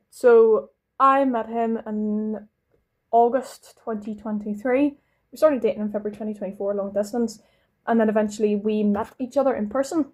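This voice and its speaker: Her voice is fairly high with a darkish tone. This young vlogger lives in London but speaks with a Northern Irish accent from Belfast, and she wanders from topic to topic while applying makeup, interrupting herself and dropping the odd swear word.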